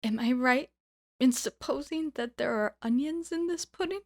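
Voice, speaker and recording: A woman reading the lines of a polite, refined gentleman koala in a storybook reading. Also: sits high, normal speed, voice pushed up.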